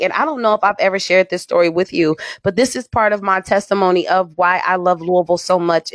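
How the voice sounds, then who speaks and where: A woman's voice: lowish voice, dry recording. Dramatic storytelling radio woman. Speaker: radio personality. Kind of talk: storytelling in casual chat.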